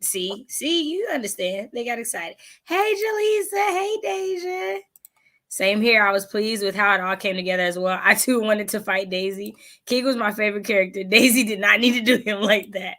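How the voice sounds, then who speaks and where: A woman hosting a casual book discussion, animated and laughing as she acts out her own reactions. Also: mid-range voice, normal speed. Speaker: readathon host. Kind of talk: casual video-call book chat.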